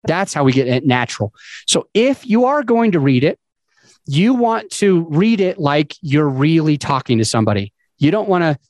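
A man's voice: fairly high pitch, sing-song, moderate pace, darkish tone, no echo. A man hosting a podcast, giving casual advice in a loose, conversational way with fillers and restarts. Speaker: podcast host.

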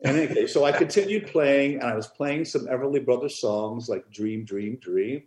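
A man, an author and music therapist, telling an animated story on a podcast and acting out the dialogue. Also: medium pitch, moderate pace, roomy sound.

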